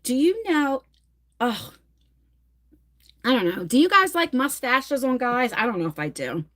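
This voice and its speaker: Chatty New Jersey woman, lively pitch. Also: a little slow. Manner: rambling, chatty, reads comments aloud. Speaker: livestream host. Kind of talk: casual livestream chat.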